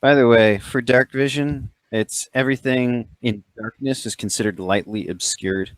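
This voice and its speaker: A man's voice: mid-range voice, steady tone, normal speed, no echo. A man in a tabletop game who explains the rules matter-of-factly to the others. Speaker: player. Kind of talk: casual tabletop game talk.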